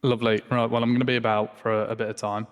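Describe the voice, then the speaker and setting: A man in character as a police detective in a roleplay game, halting and restarting his sentences. His voice sits on the low side. A long reverb tail trails behind his words. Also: little pitch movement, clean tone. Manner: hesitant, halting, stumbling restarts.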